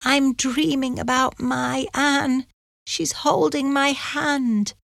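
A woman voicing a frail older mother on her sickbed, speaking faintly, slowly and weakly. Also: high-pitched, steady tone, vocal fry, a bit bright, no echo, studio quality, pitched above the performer's own voice, full character voice. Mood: dreamy, weak. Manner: faint, slow, weak speech. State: weak from illness.

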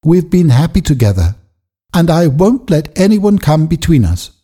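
A man's voice: a little high, sing-song, moderate pace, dark tone, breathy edge, voice pushed up. A man voicing a firm, loyal young village woman in a storybook reading, speaking with resolve.

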